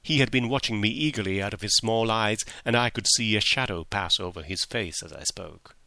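A man reading a story aloud in measured scripted narration. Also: lowish voice, vocal fry, bright, forceful tone, dry recording. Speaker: audiobook reader.

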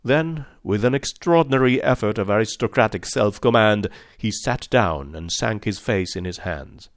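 Male audiobook narrator, fairly low voice, measured and formal, dry close sound. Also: lively intonation, no room sound.

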